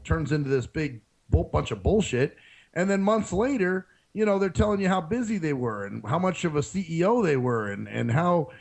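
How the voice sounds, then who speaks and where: Brief: male radio host, gravelly voice a touch high, blunt swearing rant. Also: a little mellow, low-quality recording. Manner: ranting, frank, swears freely. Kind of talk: casual solo monologue.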